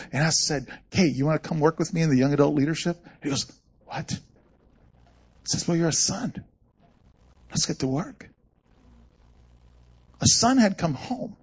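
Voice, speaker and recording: A man's voice: a little high, darkish tone, husky. A man preaching a sermon as a pastor, telling stories and acting out quoted voices with animation. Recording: muffled lo-fi sound.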